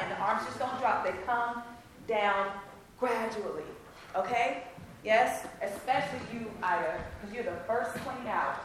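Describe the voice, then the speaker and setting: Brisk woman giving dance notes, echoey. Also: fairly high pitch, a bit bright. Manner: brisk and directive, keeps checking the cast understands. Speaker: choreographer giving rehearsal notes. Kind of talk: rehearsal notes to a cast. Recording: echoey room, taped from far off, noisy.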